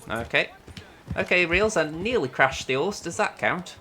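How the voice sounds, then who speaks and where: Guy streaming a game, chatty, narrating his moves to chat, bright voice. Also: a little high, expressive, normal speed, soft background music. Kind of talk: live game-stream commentary.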